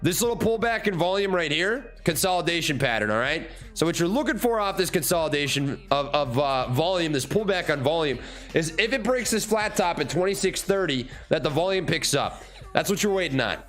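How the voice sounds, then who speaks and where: A man's voice: on the high side, lively intonation, brisk, fairly bright tone. A man hosting a live stock trading stream, talking casually through charts with repeats and fillers, faint music behind. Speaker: livestream stock trading host.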